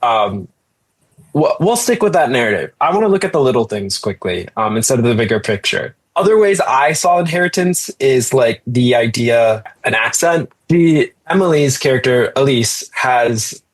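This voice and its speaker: A man's voice: medium pitch, big pitch swings, moderate pace. A man co-hosting a casual discussion, hesitant and restarting often as he checks his notes. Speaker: podcast co-host.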